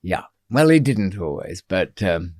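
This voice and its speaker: A man's voice: sits low, sing-song, unhurried, darkish tone, dry recording, clean studio sound. A man as a podcast guest, telling stories in a casual, wry way with many ums and restarts. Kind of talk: casual storytelling interview.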